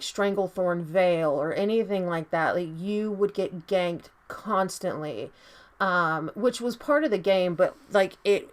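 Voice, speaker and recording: Woman, 30s, lowish voice, casual vlog storytelling, rambling, lots of fillers. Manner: chatty and rambling, full of "like" and "you know"; acts out quoted lines in a higher, excited voice. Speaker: beauty vlogger.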